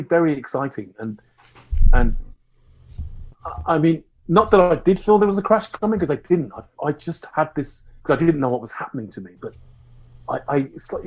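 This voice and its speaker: A man's voice: on the high side, slightly rough. A middle-aged man, candidly telling wild stories in conversation, swearing and restarting often. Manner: animated, swearing, laughing through anecdotes, many restarts. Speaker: guest.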